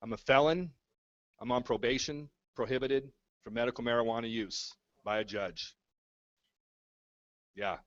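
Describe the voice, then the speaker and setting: A man speaking as an activist at a town hall delivers a fervent rallying speech, hammering his points again and again. He has a medium-pitched voice, and the audio sounds dull.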